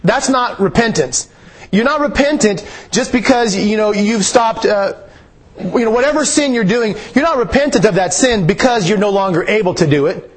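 Guy preaching a sermon, pretty high voice, kinda husky, says things twice for emphasis. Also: animated, moderate pace. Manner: earnest, repeats phrases for emphasis.

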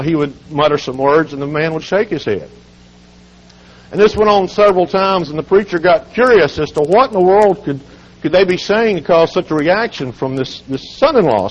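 A hoarse man with a cold, speaking as a guest at a children's home and telling humorous stories in a relaxed, folksy way. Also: on the high side. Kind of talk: folksy storytelling sermon. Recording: dull lo-fi recording.

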